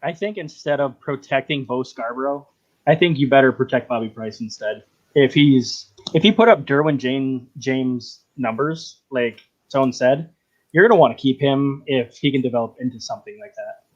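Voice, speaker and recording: A man's voice: medium pitch, moderate pace, dull audio. A man co-hosting a casual sports podcast, chiming in briefly and easily. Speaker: podcast co-host.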